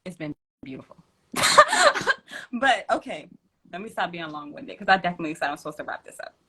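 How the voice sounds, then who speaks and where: A woman's voice: on the low side, animated, a little fast, a bit bright, slightly rough. A woman hosting a tarot livestream from home, chatting casually in slang, laughing often and reading out viewer comments.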